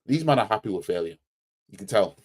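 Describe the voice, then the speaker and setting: Man, fan channel host, heated rant, emphatic repetition, lively swooping pitch. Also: fast talker. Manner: emphatic, repeats himself for effect; slangy and blunt. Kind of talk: heated match reaction rant.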